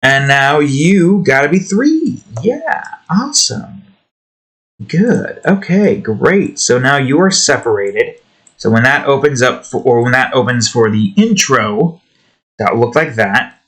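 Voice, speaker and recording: Here a man with a mid-range, somewhat bright voice speaks expressively and without hurry. He's a hobbyist building his own game, chatting loosely, cursing, talking to whatever he's editing, and putting on a redneck drawl for laughs.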